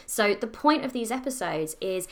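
A woman's voice: medium pitch, expressive, moderate pace. A woman hosting her own podcast, talking casually and upbeat, sometimes acting out her own past thoughts. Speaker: podcast host. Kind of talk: casual solo podcast talk.

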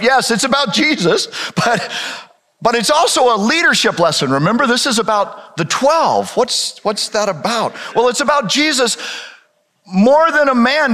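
A man's voice: high-pitched, bright, forceful tone. A male pastor preaching a sermon with dramatic storytelling and rhetorical questions. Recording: reverberant hall.

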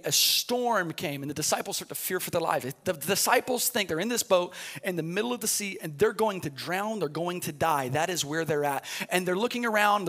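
A male pastor with a very high, bright voice, preaching a sermon. He tells the story conversationally, restarting sentences with repeated words, then climbs into loud, shouted preaching.

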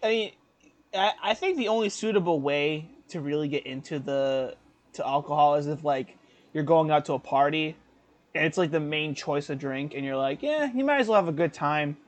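On a casual podcast, a co-host in his twenties tells a story at a moderate pace, his voice on the high side and his tone steady. He rambles along with fillers and self-corrections, laughing a lot as he goes.

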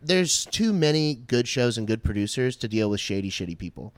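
A man in casual podcast chat, telling rambling, profane stories and often laughing at his own jokes. His voice sits at an ordinary middle pitch. It is recorded close and dry, with no room sound. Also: very animated, no echo. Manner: rambling, crude storytelling, quick bursts of laughter. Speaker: comedian podcast co-host.

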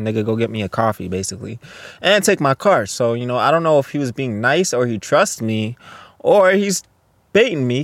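A man's voice: mid-range voice, no room sound. A man from Canada hosting a casual solo podcast, rambling and ranting with heavy swearing. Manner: profane, rambling, heated ranting. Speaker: podcast host.

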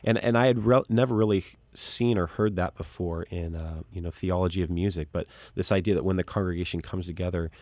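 A man's voice: sits low, steady tone, brisk, few pauses, a little mellow, no echo. A man, a musician and pastor, talking as a guest in an earnest, reflective way with frequent restarts. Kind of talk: conversational interview.

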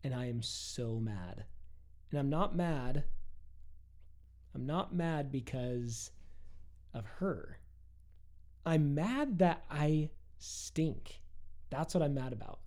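Lively, warm-voiced joking man. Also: on the high side, slow, long pauses. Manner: jokey, wry storyteller. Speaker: podcast co-host. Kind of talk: casual chat.

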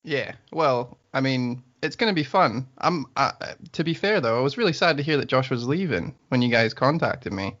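A man from Scotland with a Scottish accent, joining as a new podcast co-host, friendly and quick to laugh. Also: medium pitch, lively intonation, fairly bright tone, dull audio. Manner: laughs often, friendly, easygoing. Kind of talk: casual podcast chat.

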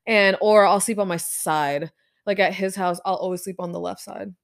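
A young woman chatting casually, animated, swearing freely and laughing often. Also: mid-range voice, moderate pace, gravelly. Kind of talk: casual chat.

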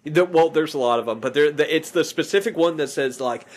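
A man's voice: fairly high pitch, a little fast. A man hosting a movie podcast in casual chat, rambling and often correcting himself. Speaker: podcast host.

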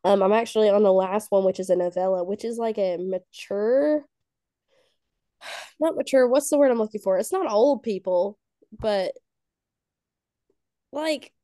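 A woman's voice: medium pitch, warm tone, no echo, clean studio sound. A woman co-hosting a podcast in casual chat, rambling and searching for words as she talks. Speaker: podcast co-host.

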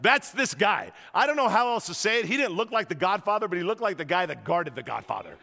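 A man preaching a sermon to a church crowd, telling stories in an animated way and rousing the audience, in a large auditorium. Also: high-pitched, quick pace, gravelly, big-room sound. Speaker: guest pastor.

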